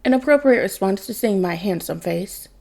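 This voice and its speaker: A woman's voice: mid-range voice, lively intonation, moderate pace, vocal fry, a little mellow. A woman reading the part of a cocky young man who is posing as a masked vigilante, smug and theatrical.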